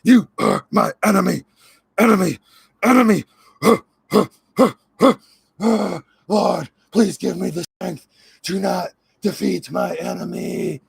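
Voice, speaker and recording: Comic impression: a man playing a frantic middle-aged conspiracy broadcaster, stammering and raving, with a gravelly edge. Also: high voice, a little slow, no room sound, full character voice. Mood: ranting. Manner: frantic, shouting, stammering breakdown.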